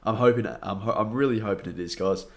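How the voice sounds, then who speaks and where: Aussie guy on a late night stream, bit tired, lowish voice, chatty and upbeat. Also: fast. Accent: Australian. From Australia. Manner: upbeat, greets chat by name, laughs often. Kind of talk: casual live stream chat.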